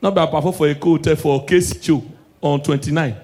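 A male stand-up comedian with a Nigerian accent, moving between shouted punchlines and low preachy asides. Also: steady tone, brisk.

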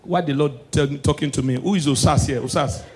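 Nigerian male stand-up comic, high voice, loud and animated on stage. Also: brisk, a little hiss or hum. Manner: loud, animated punchlines mixing Pidgin and English. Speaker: stand-up comedian. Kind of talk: stand-up comedy. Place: live stage show.

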